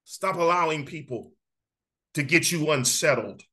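A man's voice: a little high, expressive, unhurried, sharp tone, rough recording. A man teaching a Bible study in an impassioned, conversational preaching style, repeating phrases and speaking straight to his listeners.

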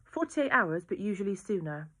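A woman voicing a calm, patient female police inspector who speaks in a measured, reassuring way. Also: medium pitch, voice pushed up.

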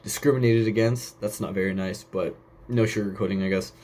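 A young man talks through a solo podcast episode in a loose, offhand way. His voice sits a little low, and he keeps wandering off topic before pulling himself back. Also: fairly even intonation, fairly quick, darkish tone, slight background noise. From United States. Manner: rambling, goes off on tangents, swears casually. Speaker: podcast host. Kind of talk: casual solo podcast monologue.

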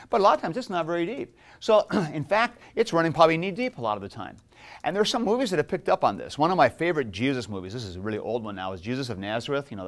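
A middle-aged man teaching a theology class in a classroom, casual and animated, telling stories and joking with his students. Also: mid-range voice. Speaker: seminary professor.

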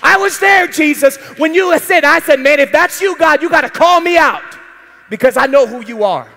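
A man playing the fisherman Peter, who pours out a raw, pleading prayer in a high, urgent voice. Every word rings out under the long reverb of a large sanctuary. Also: moderate pace, bright, forceful tone, heavily acted. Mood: fervent. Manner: heartfelt first-person prayer, intense and pleading. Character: the apostle Peter, adult fisherman, devoted and remorseful. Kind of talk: dramatized sermon monologue.

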